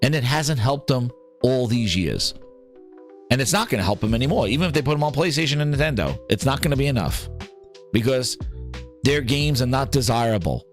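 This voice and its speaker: A man's voice: medium pitch, expressive, a little fast, soft background music. A man hosting a gaming podcast, ranting in a heated, profane and sarcastic way. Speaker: podcast host.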